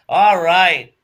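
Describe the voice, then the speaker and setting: A man's voice: high voice, a bit bright. A man hosting a casual chat show, telling stories with frequent laughter. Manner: laughing storyteller. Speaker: host.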